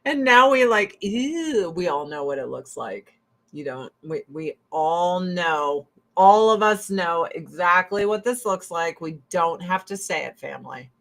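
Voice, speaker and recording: A woman's voice: fairly low pitch, animated, unhurried, a bit bright. Profane, blunt woman in her forties. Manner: profane and blunt, breaks into laughs. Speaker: vlogger. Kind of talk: casual chat during a skincare routine. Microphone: streaming mic close to the camera.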